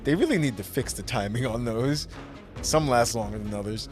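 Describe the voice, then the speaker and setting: A man's voice: mid-range voice, normal speed, music in the background. Man reading game dialogue aloud. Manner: reads game dialogue aloud, doing voices and laughing. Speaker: game streamer. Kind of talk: casual let's-play commentary.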